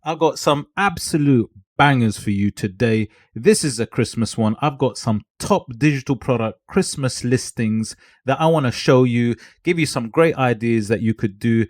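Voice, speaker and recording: An energetic man coaching online sellers in a hyped-up product walkthrough, with punchy catchphrases and a salesy push. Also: medium pitch, moderate pace, few pauses, dry recording, studio quality.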